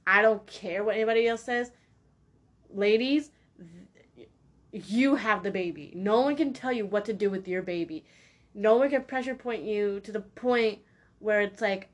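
A young woman with a medium-pitched voice and moderate pace hosts a solo podcast. In an opinionated rant, she speaks bluntly, heatedly, and with lots of slang, repeating her points for emphasis.

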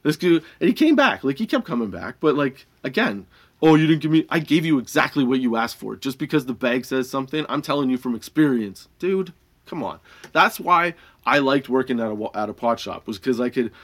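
A man casually telling stories about his old dispensary job, laid-back, swearing freely and laughing often, and high while he talks. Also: very animated, fairly quick. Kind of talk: casual storytelling monologue.

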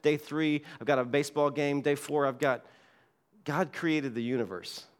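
A man's voice: a little high, normal speed, clean tone. A man preaches a sermon from the front of a church with a slightly raised voice. His delivery is earnest, and he repeats key words for emphasis as he reads scripture aloud. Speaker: pastor. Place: church sanctuary.

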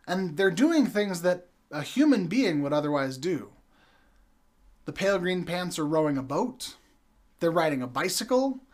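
Male preacher, young adult, slightly high voice, storytelling sermon with dramatic pauses.

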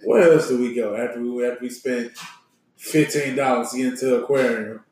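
A man telling a story in casual chat with friends, animated and laughing as he goes. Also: mid-range voice, brisk, a little hiss or hum. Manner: animated, laughing, mimics others' voices. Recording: echoey room.

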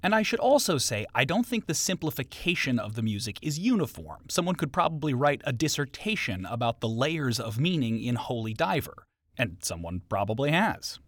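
A man narrates his music history podcast from a script, slipping wry jokes into the story. His pitch swings widely as he talks. The recording is dry and close, with no room sound. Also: sing-song, moderate pace, no echo. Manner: wry, joke-filled storytelling. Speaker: podcast host.

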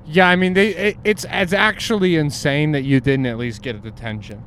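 A man's voice: a little high, fairly quick, slight background noise. A man in casual podcast chat, reacting to a friend's story and adding his own view. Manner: relaxed, reacting and backing the story.

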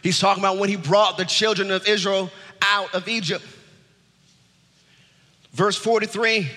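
A man preaching a sermon as pastor, exuberant and laughing, often shouting to the congregation. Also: high-pitched, fairly even intonation, normal speed, pauses often, big-room sound. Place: church sanctuary.

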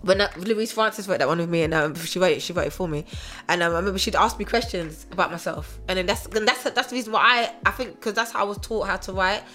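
A middle-aged woman from England speaks fast in a loose, chatty interview. She tells stories with lively bursts and quick restarts, and faint music plays underneath. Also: fairly low pitch. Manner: fast, animated storytelling with frequent laughs and restarts. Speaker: singer, interview guest. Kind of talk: casual interview chat.

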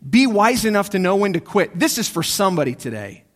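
High-voiced pastor preaching with dramatic swings. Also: male voice, big pitch swings. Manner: swings between hushed, slow reflection and raised, urgent exhortation; repeats key phrases for emphasis. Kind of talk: sermon. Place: church.

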